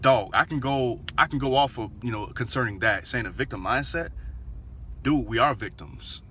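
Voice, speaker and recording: A man's voice: mid-range voice, normal speed, bright, forceful tone, a little hiss or hum. A man talking earnestly to his viewers in casual commentary, repeating phrases and restarting often. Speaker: vlogger.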